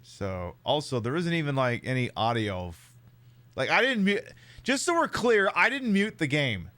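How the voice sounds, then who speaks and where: A man's voice: fairly high pitch, sing-song, normal speed, pushed and bright, a little hiss or hum. A young man rambling casually in profane live-stream commentary, talking to his chat.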